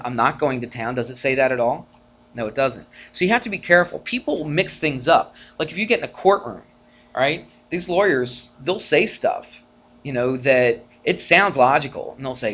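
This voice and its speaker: In a casual college algebra lecture, a math teacher keeps checking in with his class through rhetorical questions. His voice is on the high side, and he gets animated, acting out arguments with steadily rising energy.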